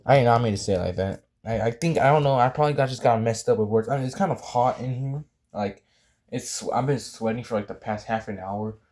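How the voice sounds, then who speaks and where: A man's voice: medium pitch, fairly quick, a little mellow. A young man chatting casually as he draws, rambling and apologetic, full of fillers and restarts. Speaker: drawing tutorial creator. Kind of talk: casual drawing tutorial chat.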